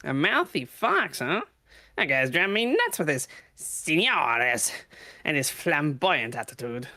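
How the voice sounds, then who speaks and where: A man's voice: fairly high pitch, very animated, measured pace, bright, forceful tone, full character voice. A man voicing a chatty, snide male guard character in a game.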